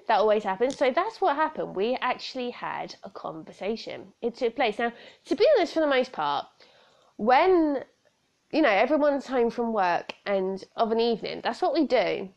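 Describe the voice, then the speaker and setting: With a high, sing-song voice at a moderate pace, a British woman in her thirties rambles cheerfully through her solo podcast, frequently laughing. The recording sounds a bit dull and lo-fi.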